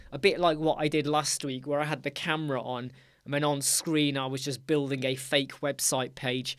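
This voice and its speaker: A man's voice: on the high side, fairly bright tone, smooth, no room sound, clean studio sound. A middle-aged man with a British accent hosting a casual live chat, talking to viewers by name in a chatty, teasing way. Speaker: livestream host.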